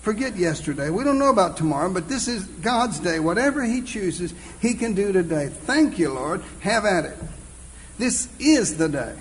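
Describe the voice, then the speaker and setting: A man preaching a sermon, earnest and exclaiming, reading scripture slowly and deliberately. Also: high-pitched, big pitch swings, a little hiss or hum, rough recording.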